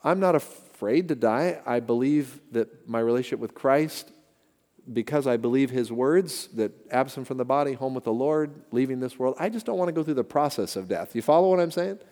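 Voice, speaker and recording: A man's voice: mid-range voice, expressive, moderate pace, darkish tone. Earnest male pastor preaching in a reverberant hall. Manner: earnest, conversational preaching with storytelling. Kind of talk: sermon. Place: church sanctuary. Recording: church hall with long reverb.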